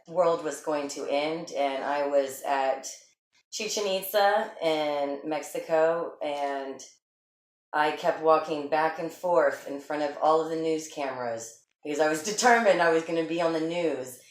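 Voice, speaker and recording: A woman's voice: deep voice, measured pace. A woman co-hosting a podcast in playful, teasing casual chat. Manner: playful, teasing, laughs easily. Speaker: podcast co-host. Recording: echoey room.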